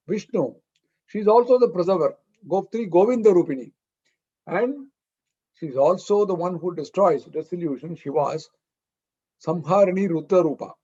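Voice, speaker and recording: A man's voice: sits high, warm tone, husky. A man giving a devotional lecture in earnest, patiently explaining terms and posing rhetorical questions, heard over a video call. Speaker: spiritual discourse speaker. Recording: muffled, slightly lo-fi sound.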